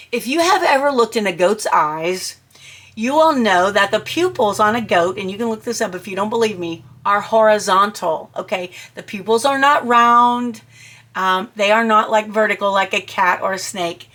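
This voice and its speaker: Bright-voiced woman telling a story. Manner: animated, jumps high and shouts when quoting her own panic; chatty, with asides and fillers. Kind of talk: personal anecdote told to listeners.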